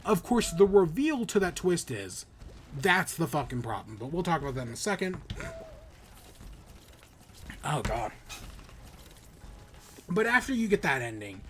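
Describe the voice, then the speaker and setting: A man's voice: a little high, a little slow, long pauses, slight background noise. A man hosting a podcast, giving a casual, rambling spoiler review with frequent swearing, restarts and acted-out reactions. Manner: rambling, profane, animated retelling with many restarts. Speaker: podcast host.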